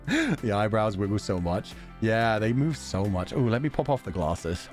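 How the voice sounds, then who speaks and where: A man casually chatting on a livestream, excitable, laughing often and swearing now and then. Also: fairly low pitch, a little slow, soft background music. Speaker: streamer.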